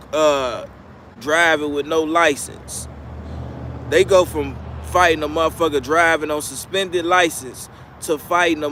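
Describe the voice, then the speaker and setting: A man riffing loosely on a live stream with blunt, profane street talk. He stumbles and restarts as he goes. His voice sits a little high for a man, with a faint hum behind it. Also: a bit bright. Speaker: commentary channel host. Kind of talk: casual commentary on a live stream.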